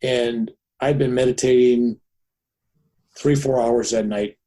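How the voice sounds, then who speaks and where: Speaking slowly in a mid-range voice, a podcast guest in his seventies shares a personal story with animation, acting out the people who appear in it.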